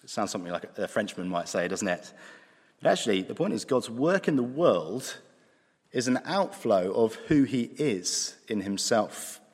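Preacher in a reverberant hall. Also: male voice, on the low side, sing-song, slightly rough. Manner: conversational, dry humour, slows for emphasis. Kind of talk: sermon.

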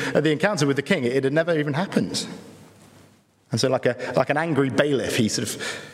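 A man preaching an earnest sermon in church, pausing between phrases and using rhetorical tag questions. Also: medium pitch. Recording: echoey hall reverb.

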